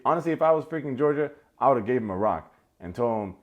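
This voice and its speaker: Quick and expressive with hardly any pauses, a man with a medium-pitched voice recaps a dating show for laughs. He's sarcastic and playful, doing mock impressions of the people he quotes.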